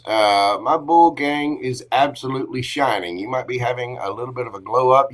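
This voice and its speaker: A man's voice: medium pitch, a bit bright. A man hosting a casual livestream tarot reading, chatty and affectionate, greeting viewers with pet names. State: briefly coughing and choked up.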